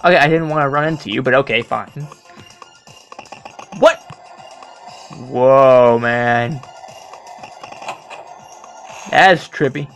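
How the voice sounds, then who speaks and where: A gamer commenting casually while playing, excitable and swearing, with loud startled outbursts. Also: mid-range voice, takes it slowly, long pauses, dull audio, faint music behind. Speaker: let's play gamer.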